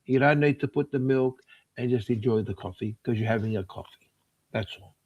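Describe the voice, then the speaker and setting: Here a podcast co-host with a brisk, husky, mid-range voice talks casually, stumbling at first through fillers and restarts and then airing exasperated gripes. The recording sounds dull and lo-fi.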